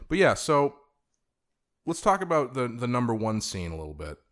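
A man's voice: mid-range voice, sing-song, normal speed, fairly bright tone. A man co-hosting a podcast, talking through a TV show in a thoughtful, rambling way. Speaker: podcast co-host. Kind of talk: casual TV discussion.

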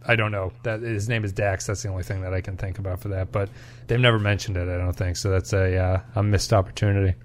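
A man's voice: low-pitched, flat delivery, fast, slight background noise. A man co-hosting a podcast, talking through a film in a thoughtful, analytical way with frequent restarts. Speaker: podcast co-host. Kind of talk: casual film discussion.

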